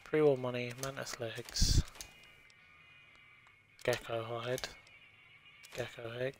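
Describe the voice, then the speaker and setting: A man's voice: mid-range voice, little pitch movement, takes it slowly, pauses often, faint music behind. A man casually commentating his own gameplay on a stream, thinking aloud and swearing freely. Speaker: game streamer.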